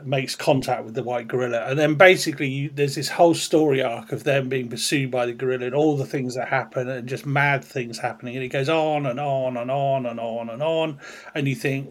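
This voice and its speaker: A man's voice: medium pitch, steady tone, fairly quick. A man hosting a podcast, recalling a long joke in a chatty way that often trails off and restarts. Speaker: podcast host. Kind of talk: casual chat.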